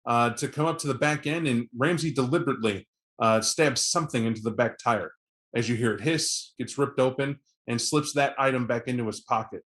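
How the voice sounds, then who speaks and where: Guy game-mastering a tabletop session, chatty narration, lots of ums. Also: mid-range voice. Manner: vivid, conversational narration with many fillers.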